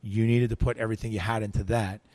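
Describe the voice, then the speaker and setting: A man's voice: fairly low pitch, level tone, fast, darkish tone, dry recording. A man telling a story in an interview, acting out quoted voices, with frequent restarts. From United States. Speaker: interview guest.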